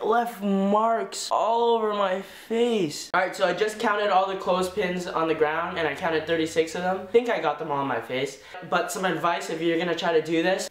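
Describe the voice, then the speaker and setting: A man talking straight to viewers in a chatty, excitable way, hosting a casual challenge vlog. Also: sits high. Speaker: vlogger. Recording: roomy room with background music.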